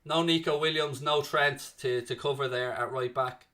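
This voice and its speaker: In a mid-range voice at a moderate pace, a young watchalong host calls the play for fans live. In between, he chats with viewers and reads chat aloud, sounding chatty and excitable.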